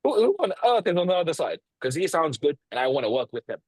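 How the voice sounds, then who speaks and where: A man coaching on a video call, talking bluntly and swearing freely, with a lively tonality, deliberate pauses and stressed words. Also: on the high side, no echo, low-quality recording. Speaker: sales coach.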